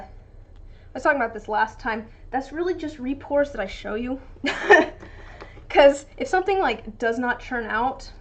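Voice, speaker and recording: Chatty young woman streaming her crafts. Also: on the high side. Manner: chatty, rambling, frequent fillers and restarts. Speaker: resin dice maker streaming her craft. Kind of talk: casual live-stream chat with viewers.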